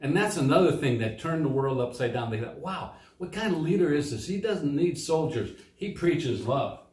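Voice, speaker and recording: A man's voice: on the high side, animated, normal speed, a little mellow. A man teaching young children a Bible lesson, reading scripture and explaining it in simple words. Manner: simple, plain explanations for kids, reads quoted lines with lifted voice. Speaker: children's Sunday school teacher. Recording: echoey room.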